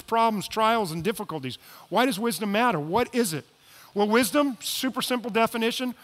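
A man preaching a sermon as pastor, moving between quiet, low asides and loud, emphatic appeals. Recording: long hall reverb.

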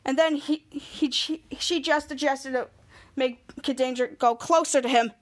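A woman's voice: high-pitched, fairly even intonation, measured pace. A woman hosting a podcast, retelling a TV episode scene by scene and quoting the characters in a casual way. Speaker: podcast host.

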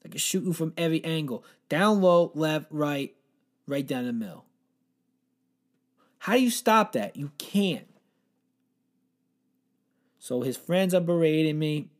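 A man hosting a comedy podcast, telling a crude, rambling, profane story in a brash, joking rant. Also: fairly high pitch.

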